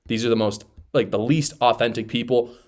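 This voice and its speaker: A man's voice: mid-range voice, steady tone, a little fast, darkish tone. A man hosting a political commentary show, blunt and mocking in his opinions.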